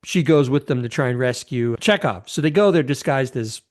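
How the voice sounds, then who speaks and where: This podcast co-host is a man in his fifties with a mid-range voice, and he comes across animated and brisk. Chatting casually about films, he recounts scenes with evident excitement, wandering off track and starting his sentences over.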